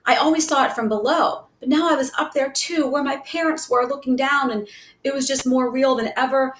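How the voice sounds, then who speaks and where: A gentle, earnest runaway boy with a soft way of talking, as a woman reads him aloud. Her voice sits a little high, and the room adds a clear echo. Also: steady tone, fairly quick, natural voice. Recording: roomy echo.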